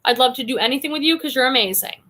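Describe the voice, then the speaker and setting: A woman's voice: sits high, racing, bright, forceful tone. A woman in her forties hosting a reselling livestream, chatting casually and reading viewer comments aloud with effusive enthusiasm. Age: 40s.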